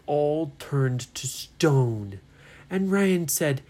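Soft, slow woman telling a bedtime story. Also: low-pitched. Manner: slow, soft, lively voices for the characters. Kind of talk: bedtime story told to a child.

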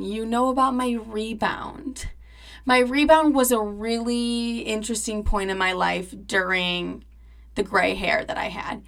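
A woman's voice: mid-range voice, pushed and bright. A young woman in her twenties hosting a podcast, telling a personal story in a chatty, dramatic way, full of "like" and swearing. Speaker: podcast host. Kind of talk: casual storytelling monologue.

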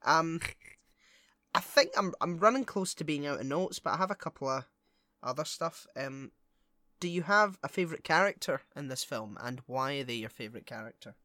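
Bright-voiced playful man. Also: fairly high pitch, animated, no echo, clean studio sound. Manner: playful, jokey, quick bursts. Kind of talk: casual film chat.

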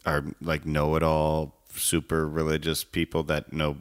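A man with an extremely deep voice, co-hosting a casual podcast chat. He talks in a relaxed, easygoing way and drops amused asides. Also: measured pace, clean tone. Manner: laid-back, chuckling asides. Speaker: podcast co-host.

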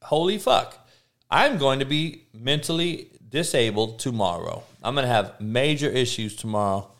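A man's voice: mid-range voice, animated, normal speed, fairly bright tone. A middle-aged man ranting as a podcast host, blunt, sarcastic and heavy on profanity, often stammering through restarts. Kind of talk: profane rant.

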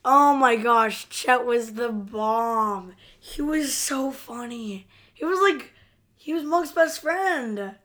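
A woman's voice: on the high side, animated, takes it slowly, fairly bright tone. A woman co-hosting a casual podcast chat, speaking in an affectionate, gushing way. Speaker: podcast co-host.

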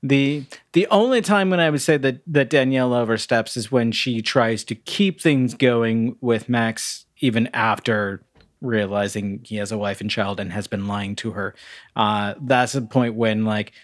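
A man's voice: mid-range voice, no echo. A man co-hosting a podcast who chats casually about a film and often chuckles between remarks. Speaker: podcast co-host. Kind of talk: casual movie-review chat.

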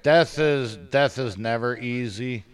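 Slow, smooth-voiced man in casual chat. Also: medium pitch. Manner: halting, repeats words when serious; joking and crude in light moments.

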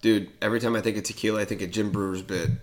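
A man co-hosting a podcast in casual banter, excitable, swearing freely and quoting comedy bits. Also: lowish voice, rapid-fire, faint music behind. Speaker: podcast co-host.

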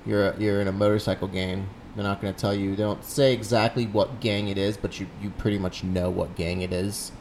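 A man's voice: on the low side, level tone, a little fast, hardly any pauses, darkish tone, slight background noise. A young man co-hosting a casual podcast, joking crudely and slipping into silly voices. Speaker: podcast co-host. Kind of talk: casual chat.

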